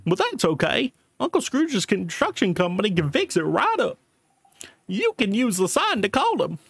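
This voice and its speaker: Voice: mid-range voice, huge pitch swings, normal speed, creaky, husky, no room sound, pitched above the performer's own voice, exaggerated voice. A streamer voicing a friendly, clumsy cartoon dog man while reading game dialogue aloud, full of "gosh" and folksy drawl. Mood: cheerful.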